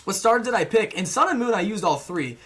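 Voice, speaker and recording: A man's voice: high voice, expressive, quick pace, fairly bright tone, breathy edge, soft background music. A young man streaming a game, chatting casually and answering viewers in a laid-back way. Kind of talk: casual live-stream chat reading viewer messages.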